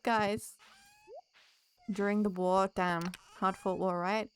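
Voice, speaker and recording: A woman's voice: medium pitch, flat delivery, slow pace, a little hiss or hum. A woman streamer chatting casually with her live viewers while she plays, teasing them back in a playful way and laughing often.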